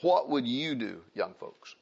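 A man's voice: medium pitch, sing-song, measured pace, vocal fry, a little mellow, slightly rough. A man preaching a sermon to a congregation, reading scripture aloud and repeating phrases for emphasis in a conversational way. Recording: slightly muffled recording.

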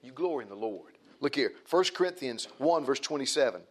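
A man's voice: medium pitch, animated, brisk. A man preaching a sermon, emphatic and repetitive, often restarting his phrases.

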